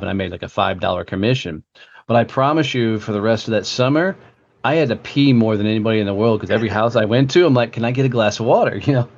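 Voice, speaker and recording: A man's voice: mid-range voice, darkish tone, lo-fi sound. A man guest telling a blunt, profane story in a casual interview. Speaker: guest, entrepreneur.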